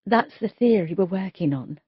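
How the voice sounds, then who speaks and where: A woman voicing a calm, careful female police detective who asks measured questions, in an audiobook. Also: mid-range voice, slightly rough, no echo, lo-fi sound. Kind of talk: audiobook character voice.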